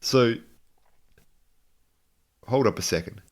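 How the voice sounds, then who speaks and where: A man's voice: mid-range voice, takes it slowly. A man co-hosting a podcast, chatting casually and rambling, with frequent restarts and tangents. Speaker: podcast co-host. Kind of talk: casual chat.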